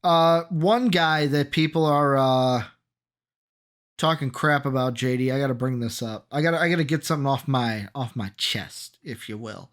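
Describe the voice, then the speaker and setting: Male podcast co-host, mid-pitch, energetic and chatty, quizzes his partner. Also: moderate pace. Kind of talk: casual sports chat.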